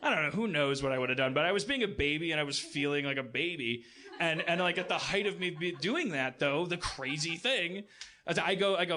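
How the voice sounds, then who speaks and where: A man's voice: fairly high pitch, expressive, brisk, pushed and bright. A man hosting a podcast, telling a comic story in a profane, self-deprecating way with lots of stammering restarts. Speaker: podcast host.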